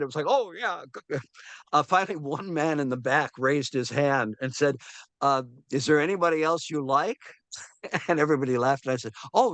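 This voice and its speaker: A mid-range male voice, recorded with no room sound, belongs to a film historian in his seventies. He tells stories animatedly during a casual interview, voicing the characters he quotes, with lots of fillers and restarts.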